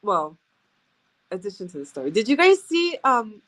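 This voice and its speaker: A woman's voice: medium pitch, sing-song, moderate pace, fairly bright tone. A woman chatting casually with viewers as a sales rep, telling stories and laughing often. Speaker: direct sales rep hosting a live stream.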